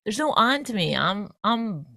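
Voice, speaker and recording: A woman's voice: mid-range voice, very animated, a little slow, gravelly, sharp tone, no echo, studio quality. Teasing, interrupting woman co-host. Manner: interrupting, teasing, mock-impersonating her partner. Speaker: podcast co-host. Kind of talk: casual bickering chat.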